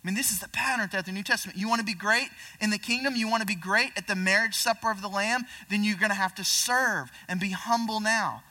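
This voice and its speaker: A young man preaching a sermon in a conversational way, reading scripture and acting out quick voices of people in the story. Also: high-pitched, pushed and bright, distant mic. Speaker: pastor.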